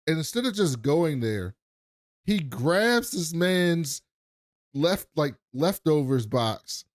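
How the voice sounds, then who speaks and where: A man's voice: fairly high pitch, darkish tone, no echo, clean studio sound. A man co-hosting a podcast, rambling through a story recap with lots of fillers and voices for the characters. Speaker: podcast co-host. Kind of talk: casual recap chat.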